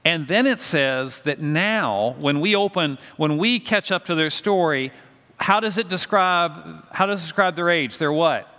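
A man's voice: a little high, measured pace, pushed and bright, in a large hall. A middle-aged male pastor preaching a sermon in a conversational, storytelling way, often asking the congregation questions.

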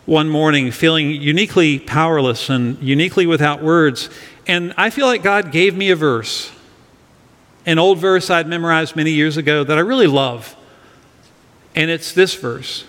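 A man's voice: fairly high pitch, measured pace, fairly bright tone, in a large hall. A middle-aged male pastor giving an earnest sermon to his congregation, leading them in reading a verse aloud. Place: church sanctuary.

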